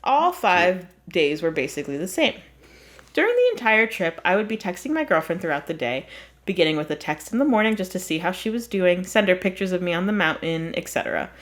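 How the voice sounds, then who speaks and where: A woman's voice: on the low side, very animated, fairly quick. A woman hosting an advice podcast who reads a story aloud in a casual, chatty way and often breaks into laughter. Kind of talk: casual chat.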